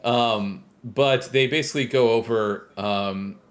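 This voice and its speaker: A man's voice: mid-range voice, slow. A man co-hosting a casual podcast, retelling a game's story in a rambling way with lots of "like" and "uh". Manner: rambling retelling, heavy use of "like" and "uh". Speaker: podcast co-host. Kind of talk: casual chat recapping a game plot.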